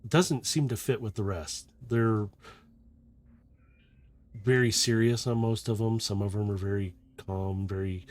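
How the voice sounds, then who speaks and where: A man narrating a tabletop game as game master, slow and descriptive with frequent restarts. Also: lowish voice, steady tone.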